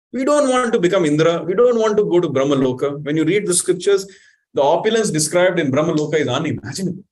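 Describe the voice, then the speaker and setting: Man, sermon, animated, slightly high-pitched, asks listeners questions. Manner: animated, questions the audience, recites Sanskrit verses. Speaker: spiritual teacher.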